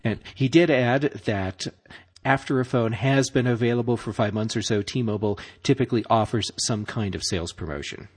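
A man's voice: medium pitch, normal speed, breathy edge. A man co-hosting a news podcast, reading tech business items and giving brief, dry reactions to his co-host.

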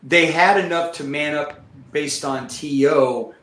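A man telling a profane, animated story as a guest, a former Marine pilot. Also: on the high side, a little slow. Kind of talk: casual storytelling. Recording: roomy echo.

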